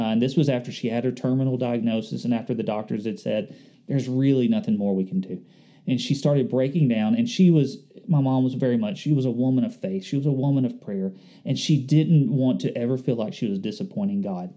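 A man delivers a sermon in a warm, deeply mellow voice, pitched in a middle range. He speaks in an earnest, conversational way, reflective and personal with his listeners. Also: dull audio. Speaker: pastor.

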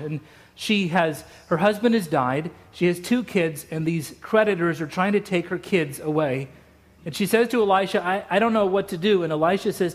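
A middle-aged man from Utah preaching a sermon, telling stories with emphatic, repeated phrases. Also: high-pitched. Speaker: pastor.

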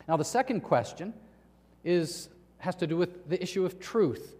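A male pastor preaching a sermon, emphatic, with dramatic pauses and acted-out quotations. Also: sits high, expressive, a little mellow, breathy edge, long reverb tail.

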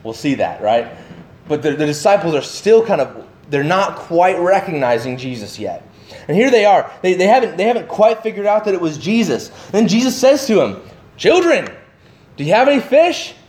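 A man giving a sermon, animated and full of questions to his listeners, acting out the voices of the people in his story. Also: sits high, normal speed, roomy sound. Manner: animated, acts out voices of the disciples; asks the listeners many questions. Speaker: pastor.

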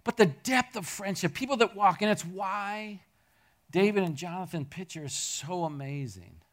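A middle-aged man preaching a sermon to his congregation. He tells stories in an animated way, jumping from loud peaks to near-murmurs. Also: high-pitched, normal speed. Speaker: pastor. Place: church hall with a congregation.

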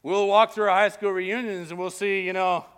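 A man pastor preaching a sermon in a casual, animated storytelling manner. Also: sits high, normal speed, clear, resonant tone.

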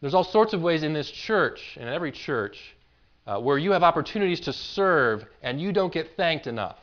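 Earnest pastor preaching, dull recording. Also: male voice, a little high, big pitch swings, normal speed, a bit bright. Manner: earnest and informal, often repeating words as he builds a point. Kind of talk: conversational sermon.

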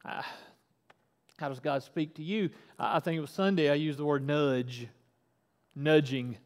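Animated man preaching in a reverberant hall. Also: fairly high pitch, unhurried. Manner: animated, rising loud for emphasis, frequent restarts. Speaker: pastor. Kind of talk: sermon with scripture reading.

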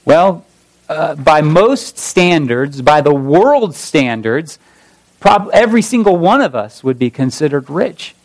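A man's voice: on the high side, very animated, slow pace, dry recording, poor audio. A man preaching a sermon in a conversational way, often restarting phrases and rising on emphatic points. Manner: conversational, searching for words with many restarts. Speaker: pastor.

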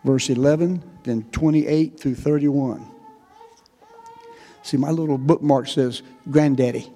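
Warm-voiced older North Carolina preacher. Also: male voice, a little high, slow. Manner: relaxed, chatty, laughs often. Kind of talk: folksy sermon. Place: church hall. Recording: echoey church hall.

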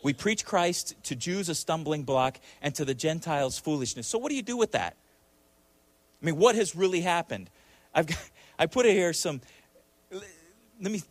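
A man's voice: fairly high pitch, no room sound. A male preacher delivering a sermon emphatically, with frequent rhetorical questions and repeated words.

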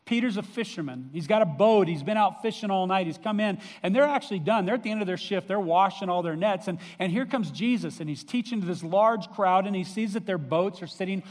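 A man's voice: high-pitched, fairly quick, hardly any pauses. A man preaching a sermon in a conversational storytelling way, with fillers. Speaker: pastor. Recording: long reverb of a hall.

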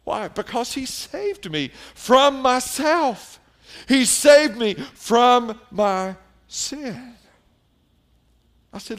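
A man's voice: very high-pitched, lively intonation, drawn-out words. A middle-aged man preaching a sermon as pastor, emphatic and putting questions to the congregation.

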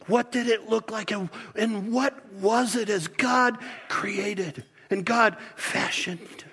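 A pastor preaching a sermon in an animated, conversational way, often restarting his sentences. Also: sits high, takes it slowly, creaky, slightly rough, in a large hall.

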